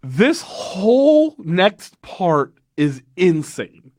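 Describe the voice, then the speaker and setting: A man's voice: high-pitched, very slow, no room sound, clean studio sound. A man hosting a podcast, recapping an old TV show in a casual, sarcastic and profane way. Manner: animated, profane, sarcastic retelling. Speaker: podcast host. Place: podcast studio.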